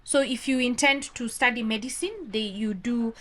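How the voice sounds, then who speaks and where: A woman from Kenya, an orthodontist guest in a casual interview, telling a story in a lively way and acting out the dialogue. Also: on the high side, moderate pace. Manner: animated, acts out quoted dialogue.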